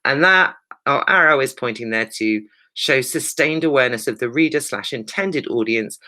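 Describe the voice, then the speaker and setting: A woman teacher talks her pupils through a revision lesson with a bright, sharp-edged voice. She is brisk and emphatic, and often checks in with "right?" along the way. She drops in playful, teasing asides. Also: extremely low pitch. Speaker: secondary school English teacher.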